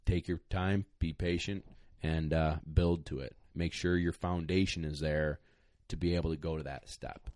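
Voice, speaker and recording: A deep-voiced man talks through retriever training in casual podcast chat, blunt and emphatic in his advice. He sounds a little out of breath. His voice is recorded dry and close, with no room sound. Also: fairly even intonation, moderate pace, few pauses, darkish tone, no room sound. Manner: blunt, plain-spoken, emphatic.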